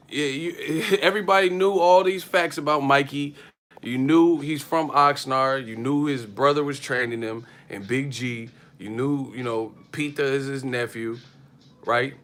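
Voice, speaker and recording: A man hosting a boxing livestream who tells stories in a loose, profane, animated way and laughs often. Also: medium pitch, a little slow. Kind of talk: casual livestream rant.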